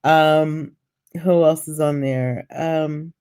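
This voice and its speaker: A woman's voice: sits low, steady tone, drawn-out words, mellow, clean tone. A woman giving chatty, gossipy commentary in a home vlog at night, full of fillers and fond asides. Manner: chatty and gossipy, with many fillers and endearments like "child" and "baby". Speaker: vlogger.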